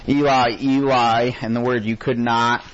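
A man leads an informal Bible study in a church classroom, reading scripture aloud slowly and deliberately before talking loosely with his class. His voice is mid-range with little pitch movement, and the recording sounds dull and lo-fi.

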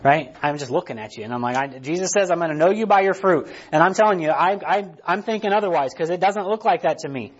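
A man's voice: a little high, fast, hardly any pauses, breathy edge, muffled recording. A man preaching a sermon in a conversational way, often checking in with "right?" and restarting his sentences. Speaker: pastor.

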